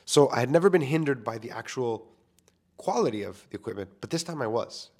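A man's voice: mid-range voice, lively intonation, brisk, darkish tone, slightly rough. A young man, a filmmaker, talking casually into a microphone to his listeners, candid and self-deprecating, swearing freely. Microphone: studio microphone.

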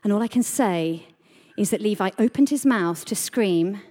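A woman giving a lively sermon to a congregation, telling a story with animated delivery and questions to the audience. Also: mid-range voice, normal speed. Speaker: preacher. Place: church hall. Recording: reverberant hall.

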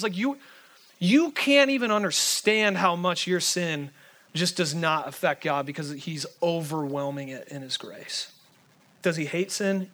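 A man preaching a sermon in a casual, conversational way, full of fillers, swinging between urgent pleading and hushed intensity. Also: sits high.

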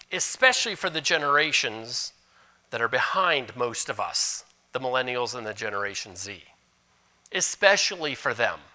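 A man preaching a sermon as pastor, animated, moving between loud emphasis and hushed asides. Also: fairly high pitch.

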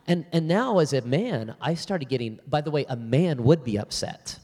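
A man's voice: a little high, moderate pace. Man preaching in a reverberant hall. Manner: animated storyteller, acts out both sides of a dialogue. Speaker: pastor. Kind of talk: church talk with storytelling. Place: church hall before a live audience.

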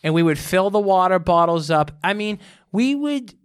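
A man's voice: high voice, normal speed, smooth. A young man telling a rambling college story in casual chat, full of "like" and acted-out dialogue. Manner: rambling, animated storyteller with lots of "like".

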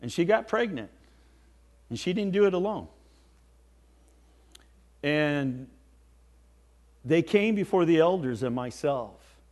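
A man preaching a sermon as pastor, swinging from soft, slow lines to loud, emphatic ones. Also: a little high, expressive.

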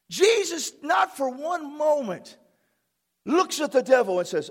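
A male pastor preaching a sermon with fervor, often shouting for emphasis, with a husky voice. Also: very high voice, sing-song, unhurried.

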